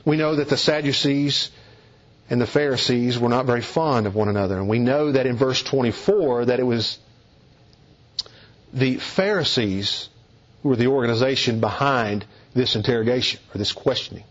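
A man preaching an expository sermon, emphatic and deliberate, leaning hard on key words. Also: mid-range voice, lo-fi sound.

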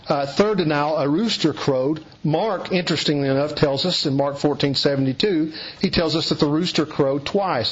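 A man with a Southern US accent teaching a sermon, explaining in a folksy way with occasional restarts. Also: on the high side. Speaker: preacher. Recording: dull lo-fi recording.

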